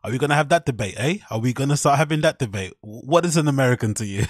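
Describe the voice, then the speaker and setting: Casual swearing podcast host, husky voice. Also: male voice, medium pitch, racing, few pauses. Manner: animated, swearing, laughing, mocking quotes. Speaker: podcast host reacting to clips. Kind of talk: casual commentary.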